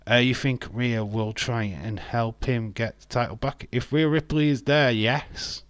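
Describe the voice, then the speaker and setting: Hosting a live wrestling watch-along, this English man chats in an unhurried, mid-range voice with no echo. He keeps things jokey and reads his viewers' chat aloud, responding as he goes.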